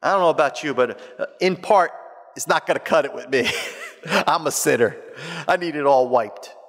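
A man preaching a sermon as pastor, swinging between loud emphatic lines and hushed, quiet ones. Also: fairly high pitch, normal speed. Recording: reverberant hall.

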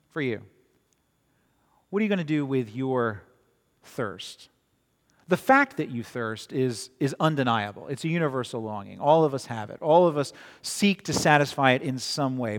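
A man delivers a storytelling sermon in a conversational style, often repeating words and checking in with "right?" His mid-range voice is expressive and measured in pace, echoing through a long-reverb hall.

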